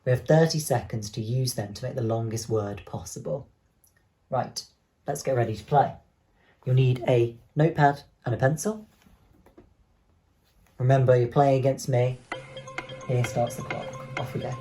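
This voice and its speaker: A young man, teaching an online lesson to primary school children in a clear, encouraging way. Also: mid-range voice, moderate pace, long pauses, mellow, no room sound, soft background music. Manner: clear, encouraging, speaks to pupils directly.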